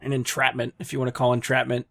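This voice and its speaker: A man chatting casually as a podcast guest about movies, easygoing and quick to agree. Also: mid-range voice, completely flat delivery, gravelly, fairly bright tone, dry recording, clean studio sound.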